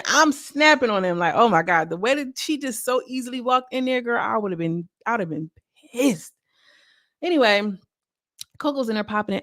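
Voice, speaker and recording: A woman's voice: on the high side, lively intonation, moderate pace, dry recording, studio quality. A young woman recapping a reality TV episode in a chatty, slang-filled way, acting out what people said. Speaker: reality TV reviewer.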